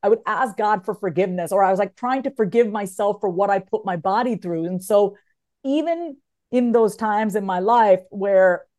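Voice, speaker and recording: A woman's voice: medium pitch, normal speed, a little mellow. A woman talking candidly and emotionally as an author guest in an interview. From United States. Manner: candid and emotional, swings from tearful to laughing.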